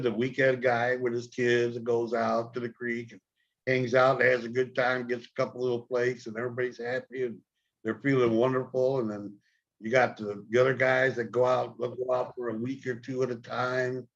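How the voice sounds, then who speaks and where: A man's voice: mid-range voice, level tone, moderate pace. An older man hosting a casual livestream chat, rambling in a folksy way and repeating words as he talks. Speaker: host. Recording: dull lo-fi stream audio.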